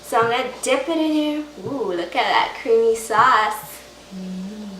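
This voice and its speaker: A woman's voice: on the high side, lively intonation, unhurried, a bit bright, roomy sound, recorded from a distance, a little hiss or hum, low-quality recording. A woman chatting casually in a home cooking vlog, enthusiastic as she cooks and tastes her food. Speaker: home cook vlogger. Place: home kitchen.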